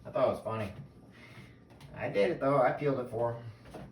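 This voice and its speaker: A man's voice: mid-range voice, animated, fairly quick. A man casually chatting to viewers while cooking corn in his kitchen, rambling and self-amused. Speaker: home cooking vlogger. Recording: echoey room with background noise.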